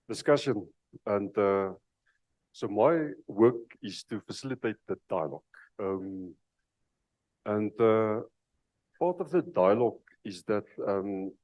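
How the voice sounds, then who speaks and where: A measured male facilitator with a low, mellow voice, pausing often on fillers as he opens a discussion. The sound is close and dry. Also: dry recording, poor audio. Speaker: dialogue facilitator. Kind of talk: opening remarks as facilitator.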